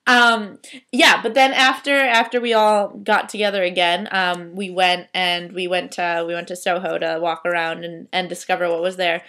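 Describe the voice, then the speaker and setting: A woman's voice: on the low side, flat delivery, moderate pace, pushed and bright. A young American woman, a student, chatting casually and teasing her friend with wry asides. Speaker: student vlogger. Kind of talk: casual chat.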